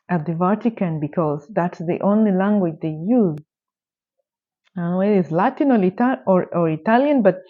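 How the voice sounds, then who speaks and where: Woman, storytime narration, emphatic, indignant, rhetorical questions, medium pitch, slightly muffled lo-fi audio. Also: dark tone.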